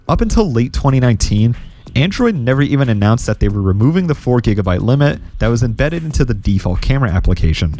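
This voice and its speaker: A man narrating a scripted gaming history video in a steady, explanatory way. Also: medium pitch.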